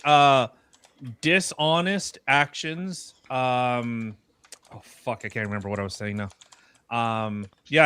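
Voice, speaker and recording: A man taking part in a casual online debate, halting and losing his train of thought, heard over a call mic. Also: mid-range voice, pushed and bright, clean tone. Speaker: debate participant. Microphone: video call mic.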